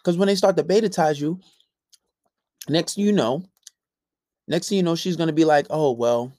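A man's voice: on the high side, normal speed, darkish tone, no room sound, studio quality. A young man hosting a casual dating-advice podcast, brash, profane and preachy in his delivery. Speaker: podcast host.

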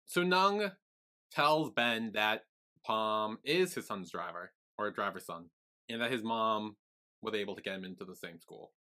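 A man's voice: lowish voice, a little slow, sharp tone. A man co-hosting a podcast, summarizing plot in an easygoing casual chat. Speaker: podcast co-host.

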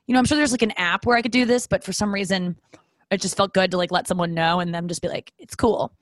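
A woman's voice: mid-range voice, steady tone, fast, dry recording. A woman in her forties talks alone into a podcast microphone in a loose, rambling monologue. She is self-deprecating, swears casually and keeps drifting off track before steering back. The sound is close and dry, with no room around it. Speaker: podcast host.

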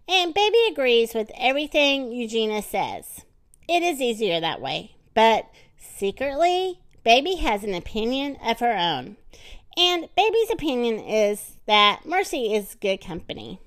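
A woman reads a children's storybook aloud in a fairly high voice, taking her time over every line. Her pitch rises and falls with lively expression. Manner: expressive, deliberate. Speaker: narrator.

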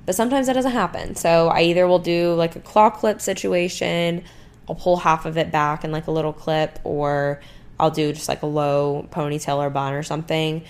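Young woman, low voice with vocal fry, chatty vlogger with lots of fillers. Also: steady tone, moderate pace. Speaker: lifestyle vlogger. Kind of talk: casual chat.

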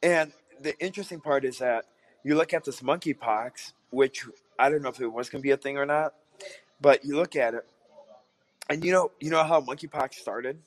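Speaking at a moderate pace in a mid-range voice, this hoarse podcast co-host meanders through his points in casual conversation and repeatedly quizzes his partner. Throat-clearing and coughing break in frequently.

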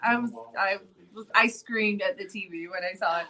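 A woman hosting a casual live podcast at an indoor event, excitable and gushing, laughing often. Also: mid-range voice, normal speed. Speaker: podcast host. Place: indoor arts center event with vendors.

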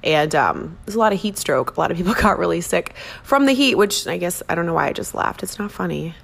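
A woman's voice: on the low side, lively intonation, a little fast, vocal fry. A woman from Minnesota hosting her own podcast, chatting casually in a rambling, self-deprecating way. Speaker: podcast host. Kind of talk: casual chat.

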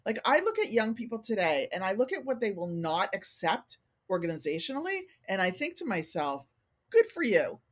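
Candid, animated middle-aged woman. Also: medium pitch, a little fast, few pauses. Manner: candid, animated, acts out quoted remarks. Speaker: organizational consultant, podcast guest. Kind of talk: casual interview chat.

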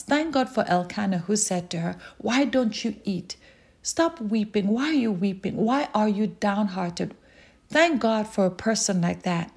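A woman preaching a sermon, urging listeners with slow, repeated calls. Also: mid-range voice, a little mellow, husky. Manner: slow, repetitive exhortation.

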